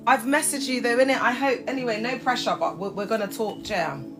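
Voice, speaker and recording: Animated British woman chatting on a live stream. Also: on the high side, fairly quick, over music. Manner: chatty and animated, laughs often, heavy slang. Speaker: livestream host. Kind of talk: casual livestream chat.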